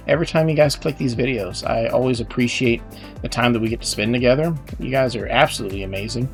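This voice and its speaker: A young Texan man chatting casually over his gameplay in a rambling, loose way. His words wander and are full of filler words, delivered at a middling pitch. Soft game music plays underneath. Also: quick pace, slightly rough. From Texas, USA. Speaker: gaming channel host.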